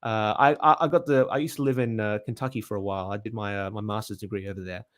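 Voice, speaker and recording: A young Australian man teaching bass, answering viewer questions in a casual livestream, upbeat and chatty with frequent filler sounds and restarts. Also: fairly even intonation, fast.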